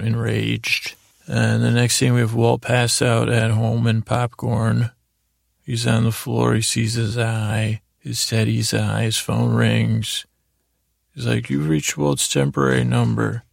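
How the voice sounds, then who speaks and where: Man, very gravelly voice, dry close sound, meandering recap with fillers, sleep podcast host. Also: medium pitch, no room sound. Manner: meandering, halting retelling with many fillers.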